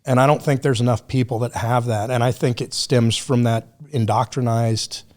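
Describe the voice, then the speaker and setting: Male podcast guest, mid-pitched, laid-back and profane, easy storyteller on a studio mic. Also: steady tone, moderate pace, darkish tone. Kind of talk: casual storytelling chat.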